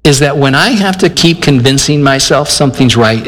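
An older pastor from Michigan delivers a sermon in a reverberant hall. His voice is a little high and fairly bright, brisk with lively intonation. He preaches in an earnest, conversational way, acting out his own inner dialogue.

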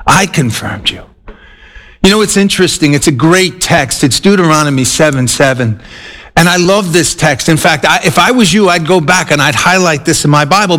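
High-voiced earnest male preacher. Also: fairly bright tone. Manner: earnest, rising to emphatic peaks and slowing to drawn-out stresses. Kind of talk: sermon.

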